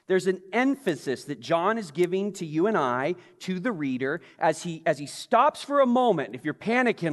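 A man's voice: a little high, in a large hall. A male pastor preaching a conversational sermon, often putting questions to the congregation.

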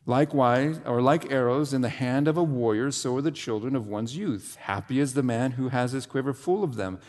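A man preaching a sermon, with dramatic pauses and sudden drops to a low, quiet voice. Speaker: pastor. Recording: long hall reverb.

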